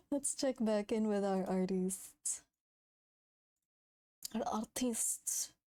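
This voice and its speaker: Playful, mellow-voiced woman streamer. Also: mid-range voice, takes it slowly. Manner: playful, laughs often, swears casually. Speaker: VTuber streamer. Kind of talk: casual live-stream chat.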